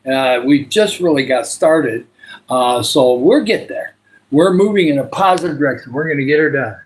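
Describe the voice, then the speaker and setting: Older Michigan man, livestream host, meandering casual chat, filler-heavy, voice sits a bit high. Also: expressive, moderate pace, rough recording. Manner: rambling, many filler uhs. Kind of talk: casual live chat with viewers.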